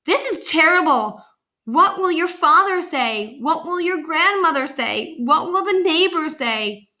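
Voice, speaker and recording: A fussing, fretful mother from a picture book, her worries tumbling out in exclamations, as a woman reading aloud puts her on. The tone is bright and sharp. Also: very high-pitched, animated, measured pace, voice pushed up, exaggerated voice. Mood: fretting.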